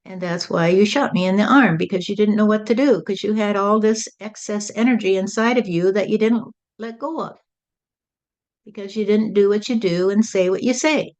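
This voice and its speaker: Woman channeling a spirit, calm and repetitive, says "you see" a lot, kinda dull recording. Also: mid-range voice, moderate pace.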